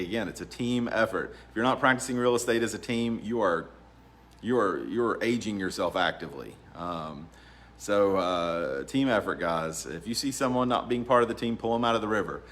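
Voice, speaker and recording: A man's voice: fairly low pitch, normal speed. A man, an attorney giving casual, rambling advice and laughing often. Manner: relaxed, rambling, laughs often, many ums. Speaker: real estate attorney. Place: law office.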